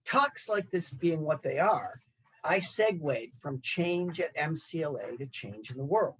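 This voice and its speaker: A man in his sixties who graduated from the college, giving a prepared, reflective speech to new graduates and pacing his phrases in measured lists. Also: on the high side, animated, husky, poor audio. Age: 60s. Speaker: alumni association speaker.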